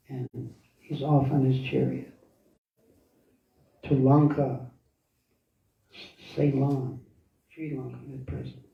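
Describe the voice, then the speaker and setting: A man giving a devotional lecture as a story, speaking slowly with pauses and chuckles as he searches for words. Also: a little high, gravelly. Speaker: temple speaker. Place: temple hall. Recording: echoey, dull, from far off.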